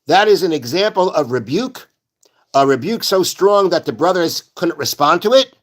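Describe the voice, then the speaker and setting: Man, Torah teacher, slightly high voice, rhetorical questions, Hebrew quotes mixed in. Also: animated, moderate pace. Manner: explains step by step, repeating rhetorical questions; mixes Hebrew verse quotations into plain talk. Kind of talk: Torah class lecture. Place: synagogue study hall.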